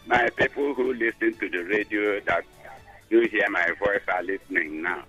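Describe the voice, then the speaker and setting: A Nigerian man calling into a radio show, talking emphatically and growing excitable. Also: fairly low pitch, normal speed, slightly rough, soft background music. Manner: emphatic, excitable, rising into shouts. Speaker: caller. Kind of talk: phone-in call.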